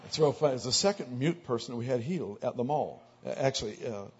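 A man preaching as a pastor, telling anecdotal stories in a sermon and growing louder and more excited as they build. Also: medium pitch, a little fast, husky. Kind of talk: sermon storytelling. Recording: dull lo-fi recording.

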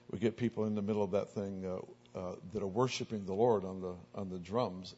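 A man preaching as a pastor, telling anecdotal stories in a sermon and growing louder and more excited as they build. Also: low-pitched. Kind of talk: sermon storytelling. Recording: dull lo-fi recording.

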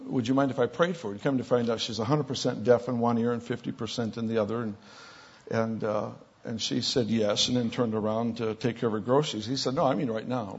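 A man preaching a sermon, telling stories with an animated delivery that gets loud for the lines he quotes. His voice is husky, and the recording is dull and lo-fi. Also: medium pitch. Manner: animated storyteller, rising loud for quoted exclamations. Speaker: pastor. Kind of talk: sermon storytelling. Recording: dull lo-fi sound.

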